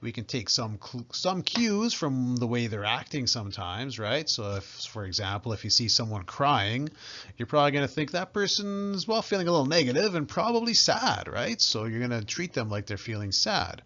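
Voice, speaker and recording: A man's voice: mid-range voice, expressive, normal speed, sharp tone. A male instructor giving a recorded slideshow lesson in a friendly way, often checking in with "right?". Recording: slightly dull lo-fi audio.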